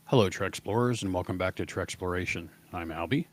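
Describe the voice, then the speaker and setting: A man with a very low voice chats casually as a podcast co-host. He sounds relaxed and easygoing, with frequent pauses and fillers.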